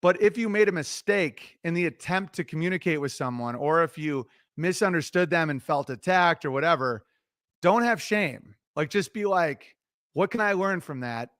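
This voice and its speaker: A middle-aged man talking loosely on a livestream, giving relationship advice in an animated, profane, self-interrupting ramble. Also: fairly high pitch, moderate pace, no room sound, studio quality. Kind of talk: casual rambling monologue.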